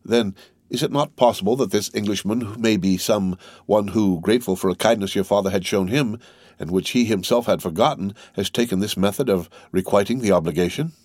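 A mysterious count speaks with measured earnestness, holding his feelings back, voiced by a male audiobook reader. The voice sits low and sounds dry and close. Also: a little mellow, dry recording, natural voice. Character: grave, mysterious nobleman count, middle-aged. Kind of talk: audiobook character reading.

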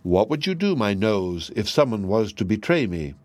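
A man's voice: fairly low pitch, sing-song, normal speed, no room sound. A man voicing a cunning male fox trickster in a raised, teasing voice. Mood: sly.

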